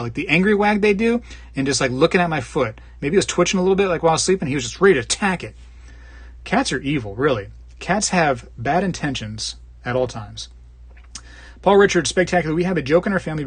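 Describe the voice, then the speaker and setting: With a slightly rough voice and no echo, a man from Florida goes through his live stream's comments. His talk is casual, rambling and playful, and he adopts squeaky voices for jokes.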